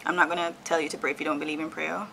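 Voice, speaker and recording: A woman's voice: low-pitched, level tone, very fast, gravelly, bright, forceful tone, a little hiss or hum, low-quality recording. A woman in her thirties from Jamaica, chatting candidly and laughing often as she talks through her plans in a casual vlog at home. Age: 30s. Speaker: vlogger. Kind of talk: casual chat while decorating.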